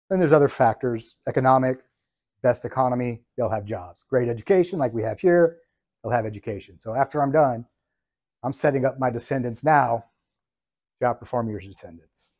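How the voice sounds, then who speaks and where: A man, a business coach, lecturing business students in an emphatic, deliberate way, ticking through his points one at a time. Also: mid-range voice, a little mellow, no room sound.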